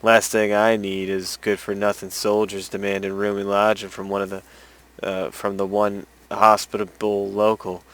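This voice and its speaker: A man reading out the lines of a grumpy, stubborn old village man in a game, in a gruff way. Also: fairly low pitch, monotone, moderate pace, a bit bright. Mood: resigned.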